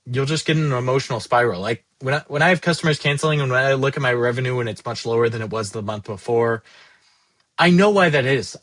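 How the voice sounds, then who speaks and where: A man in his twenties vents in a candid, rambling monologue, swearing freely and putting himself down. His voice sits in an ordinary middle pitch. The room is dry, with no echo. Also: fairly bright tone. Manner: rambling, profane, self-deprecating. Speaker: SaaS founder vlogging.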